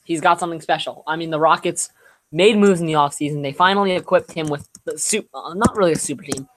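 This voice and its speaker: A young man co-hosting a sports podcast, chatting casually. He talks in a relaxed, rambling way, with plenty of fillers and restarts. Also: fairly high pitch, fast. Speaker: podcast co-host.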